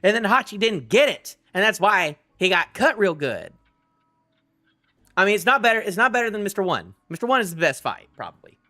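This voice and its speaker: Young male streamer, high pitched, excitable fan rant, faint music underneath. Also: a little fast. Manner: rambling and excitable, stumbling restarts, swears. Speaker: streamer reacting to a manga chapter. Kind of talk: live reaction rant, casual.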